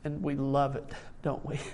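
A man's voice: medium pitch, noisy background. An older man preaching a sermon, emotional and tired, reading scripture aloud with rising emphasis. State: tired from little sleep.

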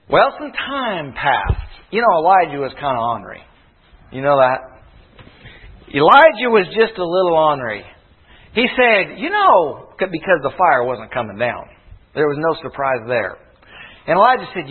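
Preacher guy, high voice, tells it like a story, loud then real quiet, phone-like sound. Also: very animated, unhurried, breathy edge. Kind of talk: sermon. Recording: tinny phone-like recording.

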